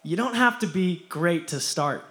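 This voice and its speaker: A man's voice: high voice, animated, measured pace, bright, forceful tone. A young man preaching a casual youth sermon, slangy and playful, often laughing as he talks.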